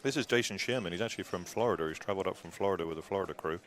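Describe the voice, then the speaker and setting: A man doing live pool commentary in a chatty way, with dry asides and a habit of trailing off softly. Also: low-pitched, racing. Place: pool hall. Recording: live venue with crowd noise. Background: crowd chatter.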